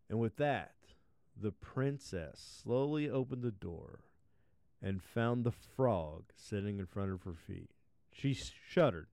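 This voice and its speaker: A man with a lowish, smooth voice narrates a bawdy fairy tale. He breaks in with crude, swearing asides. His sound is dry and close to the mic. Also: lively intonation, slow pace, a little mellow, no echo. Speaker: podcast host, storyteller. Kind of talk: profane comic fairy-tale retelling.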